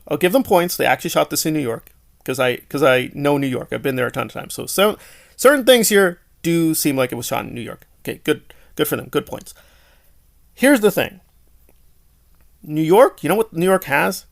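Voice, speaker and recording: A male film reviewer talking in a casual, exasperated and sarcastic way, firing off rhetorical questions. His voice sits a bit high for a man and carries a strong gravelly fry.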